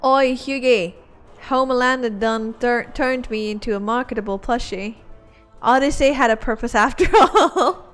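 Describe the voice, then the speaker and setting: A woman putting on a mocking British accent as a gruff, cheeky bloke, with exaggerated slang. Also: fairly high pitch, normal speed, a bit bright, faint music behind, lightly acted. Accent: put-on British.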